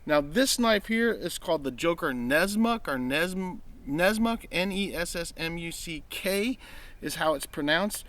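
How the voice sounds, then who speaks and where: A man's voice: on the high side, lively intonation, unhurried, a bit bright. A man in a casual unboxing vlog, talking eagerly with many ums, restarts and repeated praise as he shows his collection. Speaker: knife collector reviewing his purchases.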